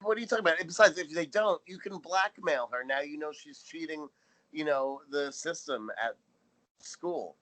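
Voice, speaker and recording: Sarcastic bright-voiced man. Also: on the high side, moderate pace, rough recording. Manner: sarcastic, animated, swears casually. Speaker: podcast co-host. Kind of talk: casual chat recapping a sitcom episode.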